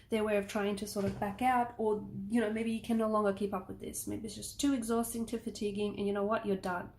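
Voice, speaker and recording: A woman's voice: on the high side, darkish tone. A woman giving a casual tarot reading, rambling and reassuring, checking in often with the listener. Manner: rambling, reassuring, frequent "okay?" check-ins. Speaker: tarot reader. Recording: echoey room with faint noise.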